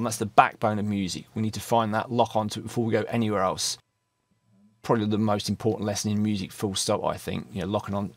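A man teaching a guitar rhythm lesson, patiently counting beats aloud and encouraging the player as he strums. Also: on the low side. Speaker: music teacher. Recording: loud backing music under voice. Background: guitar and drum track playing.

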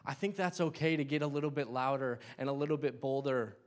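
Young male lay preacher in a church, impassioned, loud then hushed. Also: medium pitch, fairly even intonation, fast talker. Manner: impassioned, swings between loud bursts and hushed asides. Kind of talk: sermon.

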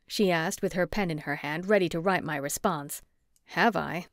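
A woman's voice: fairly low pitch, moderate pace, dry recording, studio quality. Woman narrating a cozy mystery audiobook. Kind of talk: scripted first-person audiobook narration.

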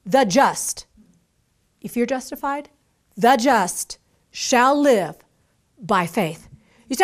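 A woman preaching a sermon, emphatic and repetitive, who slows down to stress scripture lines. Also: a little high, expressive. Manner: emphatic, repeats key phrases, acts out quoted voices. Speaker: mother. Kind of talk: conference sermon.

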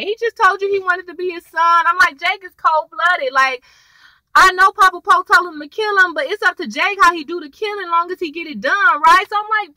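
A chatty woman recaps a TV episode with a bright, forceful voice that sits a bit high. She talks in a casual, animated way and acts out the characters' lines. The sound is dry and close. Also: dry recording, rough recording.

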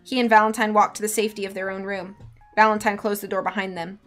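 A woman's voice: mid-range voice, flat delivery, fast, fairly bright tone, soft background music. A woman reading a storybook aloud on a live stream, chatting with her viewers in between.

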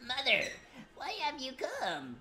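A woman's voice: high voice, huge pitch swings, slow, pushed and bright, pitched above the performer's own voice, full character voice. A woman voicing a polite, nerdy young prince during a game playthrough, with a formal manner. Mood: earnest. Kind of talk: gameplay voice-acting.

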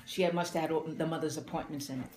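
A woman's voice: sits low, steady tone, racing, darkish tone. A woman telling a chatty anecdote in casual conversation at home. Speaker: daughter. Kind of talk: casual storytelling chat. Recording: echoey room.

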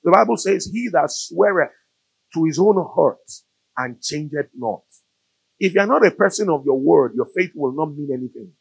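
A man with a Nigerian accent preaches, swinging his voice widely as he tells a story and drives toward loud, emphatic peaks. His voice is gravelly and a little husky, sitting fairly high for a man. The recording is dry and close. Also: animated, moderate pace, dry recording, rough recording. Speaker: pastor. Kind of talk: sermon. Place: church or studio.

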